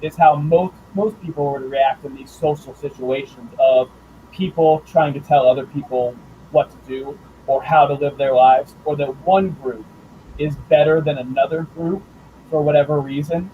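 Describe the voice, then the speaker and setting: A man who writes and draws comics, talking about his work in a casual interview, thoughtful and halting with fillers and restarts. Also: fairly high pitch, fairly even intonation, phone-quality sound, a little hiss or hum. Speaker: comics writer and artist guest.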